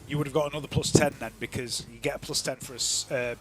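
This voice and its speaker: A man running a tabletop game as game master, narrating in a relaxed, rambling way with lots of fillers. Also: medium pitch, fast talker.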